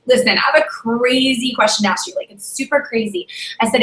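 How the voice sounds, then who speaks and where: A woman's voice: a little high, quick pace. A woman giving a motivational talk to her sales team, telling a story animatedly and acting out the dialogue. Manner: animated, acts out dialogue, exhorting. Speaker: direct sales leader. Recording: roomy echo.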